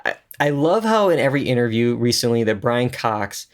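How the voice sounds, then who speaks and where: A man's voice: mid-range voice, sing-song, fairly quick. A man co-hosting a podcast, chatting casually and enthusiastically about a TV episode, with many fillers and restarts. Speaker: podcast co-host. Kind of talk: casual TV review chat.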